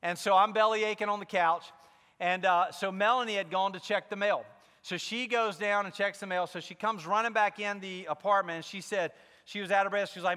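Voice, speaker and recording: A man's voice: high voice, steady tone, normal speed, sharp tone, smooth, big-room sound. A man preaching a sermon as pastor, telling a personal story with candid asides and building to fervent emphasis.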